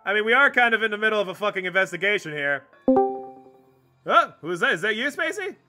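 A man's voice: high voice, very animated, fast, over loud music. A man streaming a video game, reading the dialogue aloud and joking, swearing and laughing often. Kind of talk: let's play commentary.

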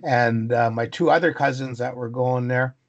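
Gravelly man telling a story. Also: mid-range voice, moderate pace, muffled recording. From British Columbia, Canada. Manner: animated, dramatic storyteller acting out voices. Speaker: interview guest. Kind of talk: storytelling in conversation.

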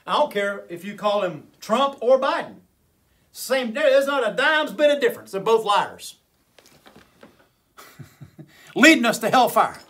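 A man preaching a fiery sermon as an evangelist, often shouting and repeating his phrases. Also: very high voice, expressive, measured pace, pauses often.

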